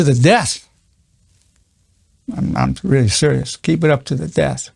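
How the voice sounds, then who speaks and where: A man's voice: medium pitch, unhurried, creaky, long pauses, slightly rough, no echo, studio quality. A man in his eighties, a psychologist giving an earnest spoken lesson, repeating key phrases with stammering restarts. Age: 80s.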